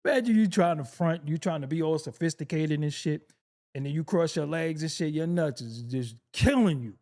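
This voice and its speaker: A man's voice: a little high, normal speed, a little mellow. A man hosting a casual reaction video, joking, laughing often and swearing freely as he comments on clips.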